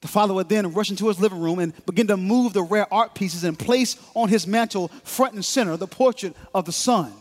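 High-voiced preacher telling a story. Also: male voice, big-room sound. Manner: dramatic, measured storytelling. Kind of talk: sermon illustration storytelling. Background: music.

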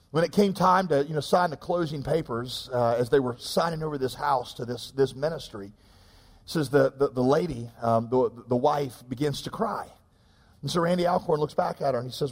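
Animated preacher, high-ish voice. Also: male voice, brisk, long reverb tail. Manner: animated, joking, self-deprecating storyteller. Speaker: pastor. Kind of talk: sermon.

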